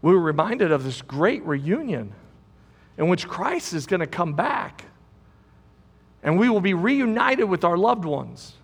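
A man's voice: high-pitched, very animated, measured pace, creaky, slightly rough, long reverb tail. A man preaching a sermon as pastor, emphatic and repetitive, asking the congregation rhetorical questions.

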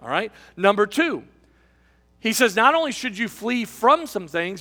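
High-voiced man preaching from a pulpit. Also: big pitch swings, in a large hall. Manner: emphatic preaching, halting repeats, shifting to quiet asides. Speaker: pastor. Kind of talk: sermon. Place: church sanctuary, behind a pulpit.

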